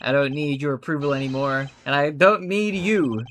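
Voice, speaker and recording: A man's voice: a little high, normal speed, a bit bright, soft background music, voice pushed down, close to an everyday voice. A man voicing an earnest young male prosecutor in a courtroom game, speaking steadily to his father.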